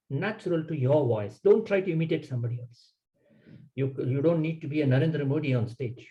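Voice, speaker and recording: A man's voice: medium pitch, lo-fi sound. A man leads a public speaking workshop, talking in a mid-range voice. He coaches in short, emphatic instructions and leans on key words. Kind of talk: workshop lecture.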